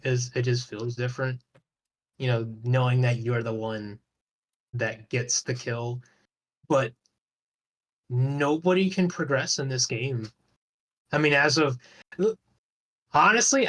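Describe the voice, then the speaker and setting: A man's voice: medium pitch, a bit bright. A man talking as a guest on a podcast in a loose, rambling way, swearing casually and restarting his sentences often. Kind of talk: casual chat about an online game.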